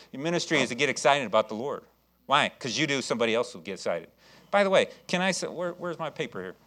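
Man, preacher, sermon, rapid delivery, acts out little voices, joking, fired-up exhortation. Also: mid-range voice, lively intonation. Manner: storytelling, acts out voices, jokes with the congregation; enthusiastic preaching, rising loud when exhorting. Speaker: pastor.

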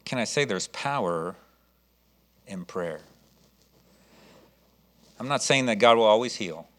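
Animated man preaching a sermon. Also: lowish voice, slow pace. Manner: animated preaching, acting out voices of the story. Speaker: pastor.

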